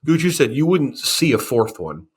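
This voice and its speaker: A man's voice: mid-range voice, sing-song, moderate pace, slightly rough. A man co-hosting a casual movie review chat, rambling and a bit sarcastic. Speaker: podcast co-host.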